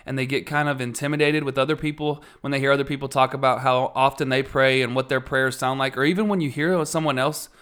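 A minister co-hosting a faith podcast speaks in a measured, thoughtful way. His voice is clear and smooth, with a few ums along the way. He sits at an ordinary pitch for a man. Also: level tone, fairly bright tone. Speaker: church minister, co-host. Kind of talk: casual ministry podcast chat.

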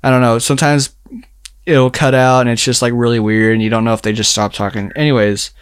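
A young man in a casual chat, telling a story in a rambling way, full of filler words and quick laughs. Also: mid-range voice, level tone, smooth, no room sound, studio quality.

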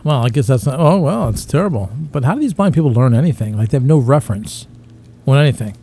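A man's voice: mid-range voice, lively intonation, fast talker, mellow, husky. A man hosting a comedy podcast, rambling in crude banter and slipping into mocking voices.

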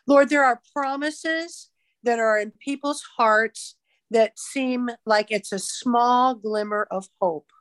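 A woman's voice: on the high side, slow, no echo. A woman evangelist, a podcast guest, leading a fervent, rhythmic spoken prayer. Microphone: podcast mic.

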